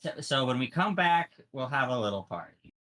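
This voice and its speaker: A man's voice: medium pitch, expressive, fairly quick, a bit bright. A man playing a tabletop game, chatting playfully in character. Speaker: player. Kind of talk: casual in-character role-play.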